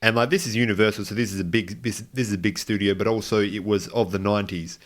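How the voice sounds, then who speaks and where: A man with a fairly low voice chats casually as a podcast co-host. He rambles and goes off on tangents, restarting his sentences as he talks. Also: steady tone, fast talker. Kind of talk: casual chat.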